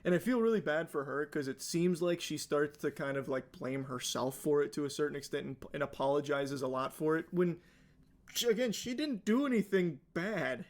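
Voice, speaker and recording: Young man, live streamer, high-pitched, sarcastic and profane while reading posts aloud. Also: moderate pace. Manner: sarcastic, swearing. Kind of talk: reading a post aloud and reacting.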